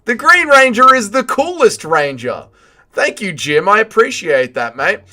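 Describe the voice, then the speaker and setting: A young man hosts a livestream, reading out viewer messages and answering in chummy, profane banter. His voice sits a little high and has a bright, forceful edge. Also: sing-song, a little slow, faint music behind. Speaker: livestream host. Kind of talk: casual chat, reading viewer chat aloud.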